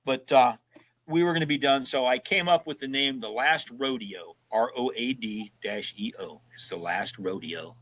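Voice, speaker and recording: A seventy-something podcast guest recounts road trip stories in a laid-back chat, lively in how he acts out the voices of people he quotes. His voice is medium-pitched and moderately paced, on a low-quality recording.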